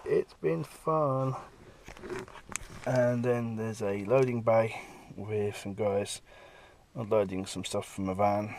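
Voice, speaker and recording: A man with a fairly low voice talks casually through the comic pages he has drawn. He rambles from panel to panel and slips into bits of the characters' dialogue as he goes. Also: warm tone. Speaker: comic artist.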